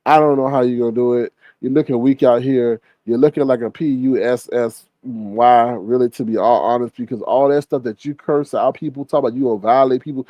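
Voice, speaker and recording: Sassy animated man hosting a livestream. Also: on the high side, no room sound. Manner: sassy, gossipy, reads chat aloud. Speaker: livestream host. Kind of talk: casual livestream commentary.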